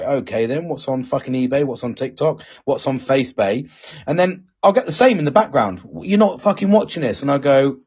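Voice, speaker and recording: A man's voice: on the high side, a little mellow, breathy edge. A man hosting a casual, sweary, rambling chat show. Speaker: podcast host. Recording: muffled lo-fi audio.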